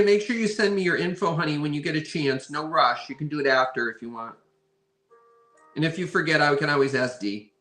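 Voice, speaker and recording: A man's voice: a little high, a bit bright, reverberant. A man hosting a live online vintage sale, chatty and playful, greeting viewers by name as he shows each item. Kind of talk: live online auction selling.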